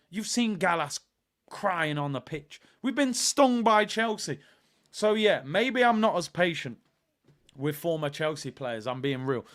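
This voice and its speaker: In a slightly high, somewhat bright voice, a man hosts a live stream watching football along with viewers. He responds to their comments, chatting casually and emphatically and repeating lines for effect.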